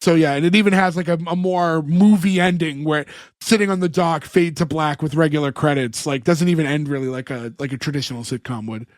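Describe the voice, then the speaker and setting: Guy with a high voice recapping a tv episode on a podcast, dry mic. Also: a little fast, dry recording. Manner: animated plot recapping with acted quotes. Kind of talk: casual chat.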